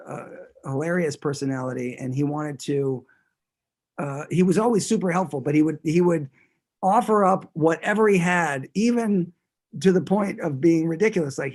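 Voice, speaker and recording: A man's voice: fairly high pitch, darkish tone. A man who is a guest musician, chatting casually in an interview and talking in a rambling way, with many restarts.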